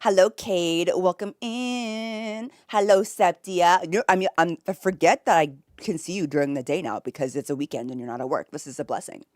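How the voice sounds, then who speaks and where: In a dry, studio-quality recording, a woman streamer in her home office greets her chat and talks casually, giggling effusively and laughing frequently. Her voice is on the low side and darkish, with a steady tone and a moderate pace that leaves hardly any pauses.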